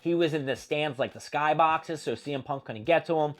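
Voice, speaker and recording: A man hosting a show, recapping a wrestling feud in a casual, profane, animated storytelling manner. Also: on the high side, a little fast. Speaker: host.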